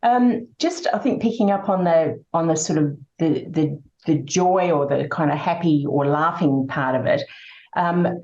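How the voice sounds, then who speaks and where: Woman, grief coach, low mellow voice, hesitant and reflective; echoey lo-fi room. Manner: reflective, hesitant with many fillers. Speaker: grief and happiness coach, guest. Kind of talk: conversational interview. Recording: echoey room, dull lo-fi sound.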